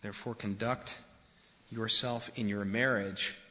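Male pastor, earnest direct preacher, sharp bright voice, dull lo-fi church recording. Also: on the low side, fairly even intonation, unhurried. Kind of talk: sermon. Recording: dull lo-fi recording in a reverberant hall.

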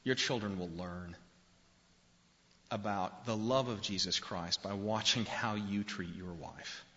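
Male pastor, earnest direct preacher, sharp bright voice, dull lo-fi church recording. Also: lowish voice, measured pace. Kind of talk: sermon. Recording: dull lo-fi recording in a reverberant hall.

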